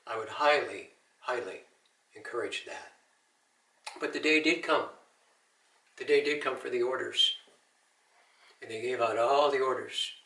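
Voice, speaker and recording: A man's voice: mid-range voice, unhurried, pauses often, sharp tone, roomy sound, far from the mic, rough recording. An older man, an Army veteran, giving an earnest personal testimony with Christian encouragement. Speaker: Army veteran telling his story.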